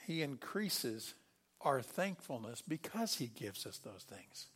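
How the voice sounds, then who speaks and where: A middle-aged man preaching a sermon, lively and animated, acting out quoted voices with sudden loud bursts. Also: mid-range voice, slow, slightly rough. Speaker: pastor.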